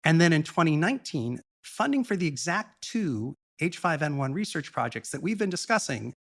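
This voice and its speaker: Man, podcast guest, gravelly creaky voice, measured earnest explaining, blunt asides. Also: a little high, sing-song, fairly bright tone. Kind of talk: explanatory monologue in conversation.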